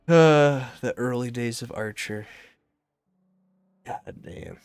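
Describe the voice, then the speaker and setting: A young man streaming games, ranting casually and profanely in a rambling, animated way. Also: mid-range voice, clean tone, dry recording. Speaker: gaming streamer.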